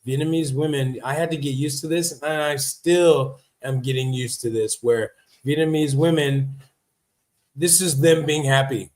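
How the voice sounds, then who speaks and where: A man's voice: a little high, steady tone, a little slow, a little mellow. Chatty American-style male livestream host. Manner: chatty and emphatic, repeats points, reads and comments on notes. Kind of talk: casual livestream monologue. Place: living in Vietnam.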